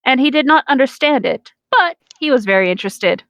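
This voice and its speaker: A woman co-hosting a podcast, reading story lines aloud in a hesitant, soft-spoken way over a call. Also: high-pitched, lively intonation, fairly quick, dry recording, studio quality. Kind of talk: casual group reading.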